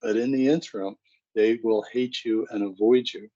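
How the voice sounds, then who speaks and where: Middle-aged man, low voice, conversational seminar speaker, dull lo-fi audio. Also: steady tone, normal speed, dark tone. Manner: conversational, acts out scenes. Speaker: psychologist speaking to parents. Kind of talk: parenting seminar talk.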